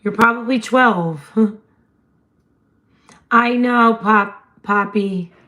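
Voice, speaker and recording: A woman, hosting a casual livestream chat in a slightly hoarse voice and laughing often. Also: on the high side, extremely slow, pushed and bright. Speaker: livestream host.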